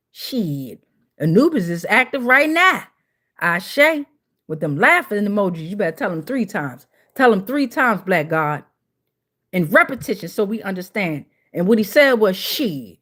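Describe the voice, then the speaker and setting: Woman livestream host with a fairly high voice, slangy and playful, reads chat comments aloud and greets viewers. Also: fairly bright tone. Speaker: tarot reader hosting a livestream.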